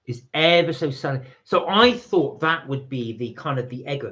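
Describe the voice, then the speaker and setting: A man's voice: medium pitch, animated, moderate pace, pushed and bright, highs cut off. A man hosting a live stream, chatting casually and rambling as he tastes snacks and reads out viewer comments. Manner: chatty, rambling, reads chat messages aloud.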